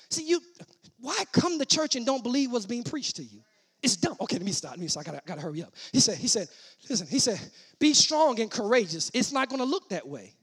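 A middle-aged man from New preaching a sermon in church, with call-and-response lines and shouted peaks. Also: high voice, slightly rough. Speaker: pastor.

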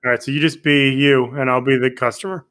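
A man guesting on a comedy podcast, rambling through a story with restarts and quick impressions. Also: mid-range voice, steady tone, fairly bright tone. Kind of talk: casual comedy podcast chat.

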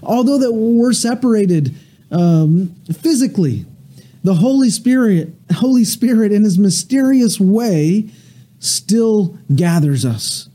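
A man pastor preaching a sermon and leading prayer, earnest with halting restarts. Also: high-pitched, lively intonation, mellow. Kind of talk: sermon with prayer and a told joke.

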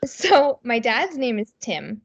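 A woman's voice: a little high, big pitch swings, takes it slowly, gravelly, slightly rough, muffled recording. A woman co-hosting a podcast in casual chat, telling stories with lots of fillers. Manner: chatty storyteller, many fillers. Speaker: podcast co-host.

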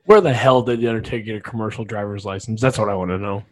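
A man's voice: fairly low pitch, fairly even intonation, very fast. A man co-hosting a casual wrestling podcast, tossing in joking, wisecracking asides. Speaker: podcast co-host.

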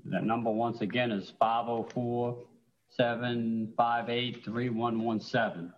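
A man chairing a council meeting, calling out item numbers and motions in a measured, procedural way. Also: mid-range voice, fairly even intonation, muffled recording. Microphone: remote call-in audio.

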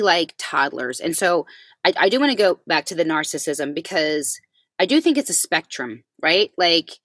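A woman with a lowish voice tells a personal story on a talk show, bringing the other people in it to life as she quotes them. The sound is close and dry, with no room around it. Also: a bit bright, dry recording. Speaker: podcast co-host. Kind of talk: casual chat.

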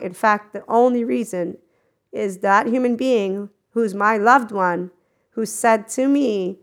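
A middle-aged woman talking in a rambling, animated spiritual monologue, laughing often and acting out quoted dialogue. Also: medium pitch, unhurried, gravelly. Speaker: spiritual channel host.

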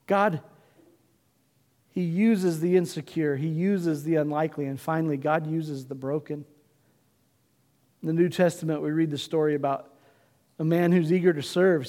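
A man's voice: a little high, steady tone, moderate pace, long pauses, a little mellow. A male pastor preaching a sermon, telling a story dramatically and acting out the characters' voices. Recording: long hall reverb.

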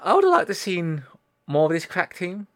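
A man's voice: high voice, wildly swooping pitch, fairly bright tone. A man co-hosting a casual podcast, giving loose opinions and often ending phrases with "like". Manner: loose, fast, ends phrases with a trailing "like". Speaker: podcast co-host. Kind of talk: casual chat.

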